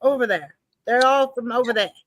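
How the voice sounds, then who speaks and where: A woman's voice: a little high, a little fast, no echo, rough recording. A woman hosting a casual livestream chat, playful and trailing off with fillers as she reads the chat. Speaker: podcast host reading the chat.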